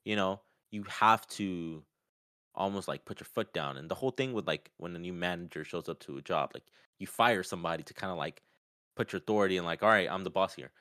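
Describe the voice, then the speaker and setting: A man talking casually about a fight, often acting out what others said in a raised, lively voice. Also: deep voice, a little fast, no room sound, clean studio sound. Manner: animated, acts out quotes in raised voice. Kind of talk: casual sports chat.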